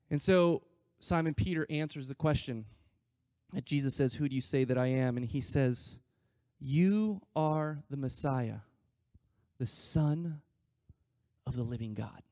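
A man delivers a sermon in a high-pitched voice, recorded dry and close with no room sound. He swings between loud, stretched emphasis and quiet asides, acting out the scripture quotes like a conversation. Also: gravelly, no echo. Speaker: pastor.

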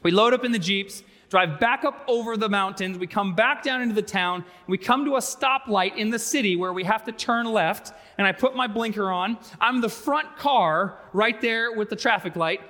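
A man in his thirties preaching a sermon, telling stories with humor and animated emphasis. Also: high voice, in a large hall. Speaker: pastor. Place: large church sanctuary.

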